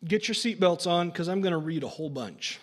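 A man's voice: sits high, animated, fairly quick. A man preaching a sermon, reading a long scripture passage aloud with casual, joking asides. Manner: casual, jokey asides between dramatic reading. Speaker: pastor.

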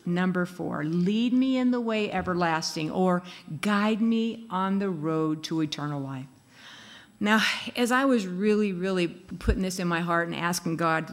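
A woman's voice: lowish voice, moderate pace. A woman giving a casual sermon, chatty and laughing, acting out little quoted lines as she goes. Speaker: speaker giving a devotional talk.

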